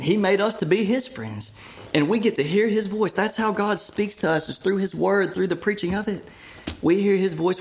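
A middle-aged man preaching a sermon, earnest and emphatic, rising to loud declarations and dropping to hushed asides. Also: high-pitched, vocal fry.

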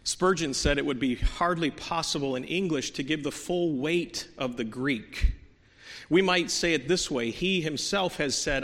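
A man preaching a sermon in a church, earnest, moving from soft, quiet stretches to emphatic peaks, with many restarts. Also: mid-range voice, normal speed, creaky. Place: church sanctuary. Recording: long hall reverb.

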